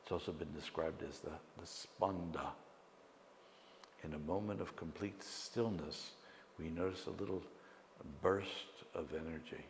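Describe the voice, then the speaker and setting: A very deep-voiced man leads a guided meditation lecture, slow and calm, pausing between phrases. His voice rings through an echoey hall with a long reverb tail. Faint room ambience sits underneath. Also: slight background noise. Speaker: meditation teacher.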